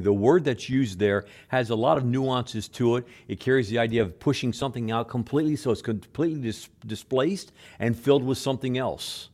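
At a moderate pace, a male minister preaches, trading loud, emphatic lines for quiet, low asides. He often repeats words and gently acts out quoted speech.

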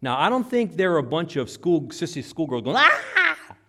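A man preaching a sermon, telling the story dramatically and acting out cries, whispers and shouts. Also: on the high side, sing-song, brisk. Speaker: pastor.

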